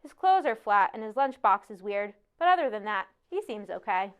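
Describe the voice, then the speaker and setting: A woman reading a novel aloud in a measured first-person narration. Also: mid-range voice, big pitch swings, clear, resonant tone. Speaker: audiobook narrator. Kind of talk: scripted narration.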